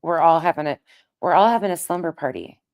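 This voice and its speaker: A woman live-streaming in a casual, chatty way, greeting viewers by name, with a raspy voice. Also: sits low, fast, darkish tone.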